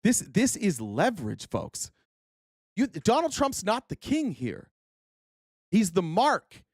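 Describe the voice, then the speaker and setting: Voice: mid-range voice, a little mellow, dry recording, studio quality. Profane, heated political commentary host. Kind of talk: reading news excerpts and ranting commentary.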